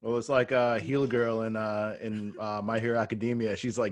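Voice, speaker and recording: A man's voice: on the low side, little pitch movement, normal speed, few pauses. A man co-hosting a casual podcast chat, speaking with hesitant fillers. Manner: hesitant, filler-laden comparisons. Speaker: podcast co-host.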